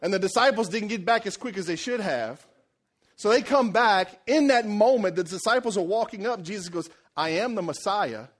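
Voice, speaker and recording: A male pastor preaching a sermon, retelling a Bible story in lively, casual modern language. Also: high-pitched, moderate pace.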